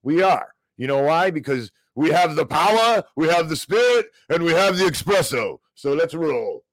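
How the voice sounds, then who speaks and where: A man's voice: on the high side, sing-song, normal speed, no room sound. A man hosting a live podcast in a casual, heated and rambling way, often restarting his sentences in a folksy style. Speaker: podcast host. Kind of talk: casual ranting live stream commentary.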